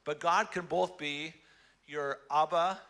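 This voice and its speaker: Male speaker preaching at a conference, somewhat high and very bright voice, animated and playful, hammering phrases home. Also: slow pace. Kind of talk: lively conference sermon.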